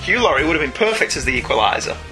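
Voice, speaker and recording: A man's voice: mid-range voice, very animated, rapid-fire, sharp tone, soft background music. A man co-hosting a comics podcast, chatty and jokey, laughing often as he reads listener emails. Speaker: podcast co-host. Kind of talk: casual chat, reading listener emails.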